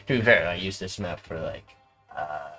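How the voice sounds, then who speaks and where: A man with a low, steady voice runs a tabletop game as its game master. He keeps things playful and chuckles often between lines of narration. Faint music plays under him. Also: moderate pace. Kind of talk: running an online tabletop game.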